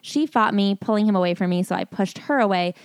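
A woman's voice: mid-range voice, fast talker, smooth, no room sound. Mocking woman podcast co-host. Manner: mocking, incredulous. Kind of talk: reading aloud and commenting in casual chat.

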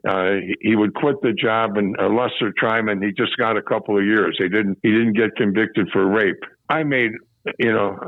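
Heard over a dry, phone-quality recording, an older ex-police officer from Chicago speaks in a fairly low voice. He's being interviewed about his career, wandering through stories and repeating phrases while he recalls them.

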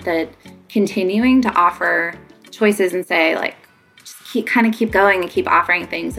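A woman's voice: lowish voice, fairly bright tone. Woman chatting about kids bedtime, casual and rambly, faint music behind. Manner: chatty, lots of fillers, acts out quotes. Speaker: child sleep consultant. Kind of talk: casual conversational advice.

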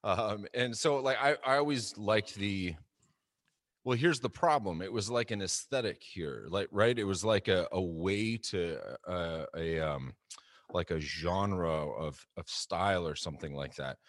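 Guy in his forties for a podcast chat: low voice, dry close sound, thinks out loud. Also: unhurried, no room sound. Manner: thoughtful, rambling with restarts. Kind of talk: casual discussion.

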